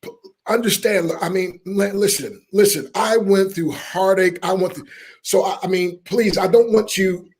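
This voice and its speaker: A middle-aged man, a motivational speaker telling a lively story in an interview and acting out the people in it. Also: high voice, normal speed, slightly rough. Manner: animated storyteller, acts out quoted voices, laughs often.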